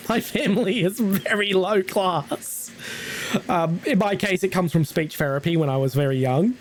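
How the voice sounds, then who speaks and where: A man's voice: sits high, a little slow. A man with a received Australian accent, chatting casually with viewers as a streamer and laughing often. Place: home room.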